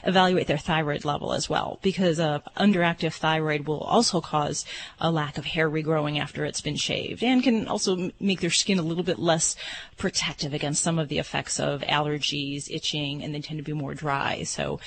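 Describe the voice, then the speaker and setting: A man, a veterinarian hosting call-in radio, explaining pet care in a gentle, explanatory way. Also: a little high, fairly even intonation, moderate pace, creaky, slight background noise.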